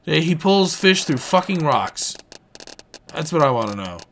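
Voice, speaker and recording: A man giving lively let's play commentary on a fishing game, swearing and coaxing and scolding the fish as he plays. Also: on the high side, measured pace, a little hiss or hum. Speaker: gaming channel host.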